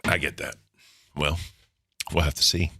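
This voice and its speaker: A man co-hosting a casual livestream, rambling and self-correcting with a very deep voice and lots of "right?". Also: flat delivery, unhurried, pushed and bright, breathy edge. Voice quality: very deep low voice. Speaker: co-host.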